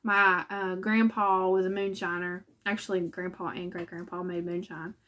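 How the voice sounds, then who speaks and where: A woman's voice: lowish voice, level tone, moderate pace, fairly bright tone. A woman from West Virginia hosting a cross-stitch channel in casual chat from home, talking in a chatty, self-conscious way with fillers and laughs.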